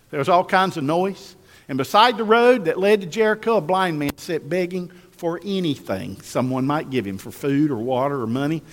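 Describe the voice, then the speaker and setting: An emphatic male pastor preaching a sermon, driving points home through repetition and calls to the congregation. His voice sits slightly high and rings with a long echo through a large hall.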